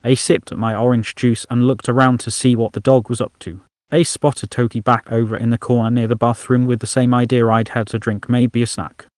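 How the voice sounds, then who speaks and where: A man's voice: medium pitch, little pitch movement, a little fast, a little mellow, dry recording. A man narrating a science fiction story as an audiobook, in a dry, wry storytelling manner.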